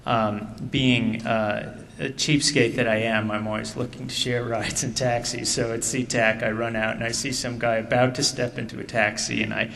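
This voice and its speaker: A man of middle pitch gives a forceful public talk as an author. The mic sits some way off, so his voice carries the long echo of a hall. Faint room noise stays underneath. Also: level tone, normal speed, vocal fry, distant mic. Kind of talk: lecture-style public talk.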